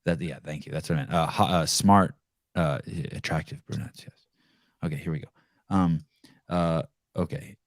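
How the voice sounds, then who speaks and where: A man's voice: rumbling low, moderate pace, dry recording, clean studio sound. A man hosting a podcast, ranting bluntly and profanely in casual commentary. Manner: blunt, swearing, animated rants. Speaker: podcast host.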